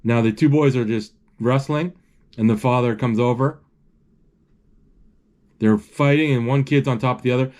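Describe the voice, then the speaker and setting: A man's voice: mid-range voice, darkish tone. A man describing a film as he watches it, often stopping to hunt for words and restarting his sentences. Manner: halting, searching for words; frequent restarts and fillers. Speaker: movie describer. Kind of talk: live play-by-play of a film.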